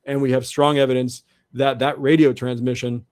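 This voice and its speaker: A man's voice: medium pitch, level tone, moderate pace, a little mellow, clear, resonant tone, no room sound, studio quality. A man as an interview guest, talking in an earnest monologue that often repeats and restarts. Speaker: guest researcher.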